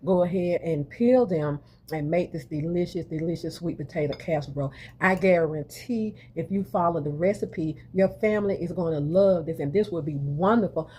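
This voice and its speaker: A middle-aged woman with a slightly low voice talks to her viewers about a home-cooked dish, calling them "y'all" as she goes. Her easygoing, homey chat is recorded in a kitchen with a faint hiss underneath. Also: moderate pace, a little mellow. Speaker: cooking channel host. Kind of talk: casual cooking chat to viewers.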